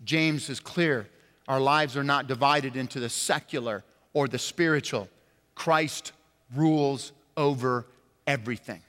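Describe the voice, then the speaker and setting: Male pastor mid-sermon: high, bright, forceful voice, passionate, long church reverb. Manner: impassioned preaching, swinging from loud emphatic highs to quiet low stresses. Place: church sanctuary.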